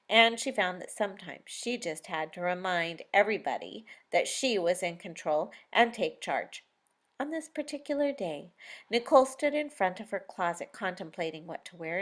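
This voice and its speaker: A woman author narrating her own novel as an audiobook, with expressive storytelling and lively emphasis. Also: on the low side.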